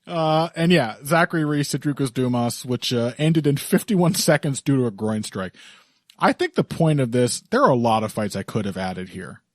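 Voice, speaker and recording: A man's voice: mid-range voice, animated, moderate pace, dry recording, clean studio sound. A man hosting a podcast in casual chat, laughing often and rambling with restarts. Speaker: podcast host.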